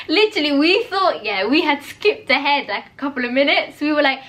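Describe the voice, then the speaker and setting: High-voiced chatty woman. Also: brisk. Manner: animated, blunt and chatty. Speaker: vlogger reviewing films. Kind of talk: casual chat.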